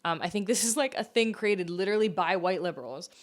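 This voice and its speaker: A woman's voice: medium pitch, fast. American woman, mid-range voice, hosts a solo podcast with pointed, argumentative political talk. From United States. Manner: emphatic, argumentative, full of rhetorical questions. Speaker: podcast host. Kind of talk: opinionated political commentary monologue.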